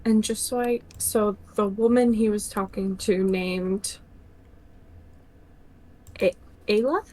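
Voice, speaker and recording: A woman's voice: mid-range voice, steady tone, slow pace, dark tone, poor audio. A woman playing a tabletop game, speaking casually with hesitations. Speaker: player.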